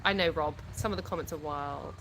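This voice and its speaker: A British woman hosts a casual live stream from her home in the UK, reading viewer comments aloud, answering frankly and laughing often. Her deep voice is a little fast, over a noisy background.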